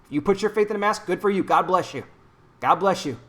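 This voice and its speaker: A man's voice: sits high, animated, quick pace, a bit bright. A man ranting angrily and sarcastically into his own microphone in a preachy political commentary vlog.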